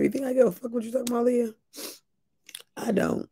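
A woman giving loud, exasperated reaction commentary, swearing often and mocking what she watches. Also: a little high, lively intonation, quick pace, gravelly, slightly rough. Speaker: streamer reacting to a video.

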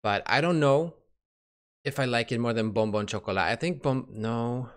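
A young man making a K-pop reaction video, a little out of breath, excitable and swearing, gasping and exclaiming as he talks. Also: mid-range voice, moderate pace, clear, resonant tone. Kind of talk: casual reaction commentary. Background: music playing faintly.

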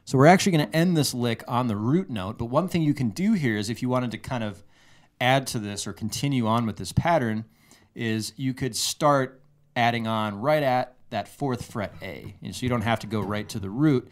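A man teaching a guitar lesson, explaining a lick step by step in a measured way, often restarting his phrases. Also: medium pitch. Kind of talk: relaxed instructional explanation. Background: guitar playing.

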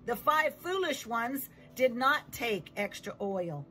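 A woman giving a children's Bible lesson as a church teacher, telling the story with slow emphasis. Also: fairly high pitch, big pitch swings, bright, forceful tone, soft background music, low-quality recording.

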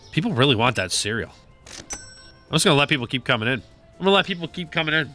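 A man's voice: a little high, quick pace, long pauses, faint music behind. A man giving casual, joking gameplay commentary, talking to the game's characters and swearing now and then. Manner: animated, joking, swears and talks to game characters. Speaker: gaming video creator.

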